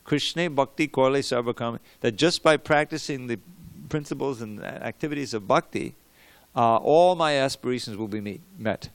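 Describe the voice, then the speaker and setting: An older man leads a devotional scripture class in a gravelly, mid-pitched voice, picked up close and dry. He talks in a loose, digressive way full of restarts, breaks into chanted verses, and pauses to drill the class on pronunciation. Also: no room sound. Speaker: visiting teacher giving a scripture class. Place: temple room.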